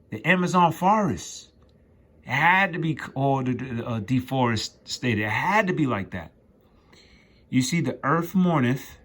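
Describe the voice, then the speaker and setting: Emphatic man preaching in rough slang. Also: medium pitch, fairly bright tone. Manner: reads scripture aloud then riffs on it. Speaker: street preacher. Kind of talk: informal scripture teaching.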